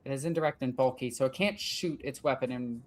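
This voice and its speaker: A woman's voice: very deep voice, fairly quick, a little mellow. A woman narrates her own strategy game as she plays. She thinks aloud in a casual, self-directed way, grumbling and swearing at her losses while she plans her moves. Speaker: gaming channel host. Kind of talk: let's play commentary.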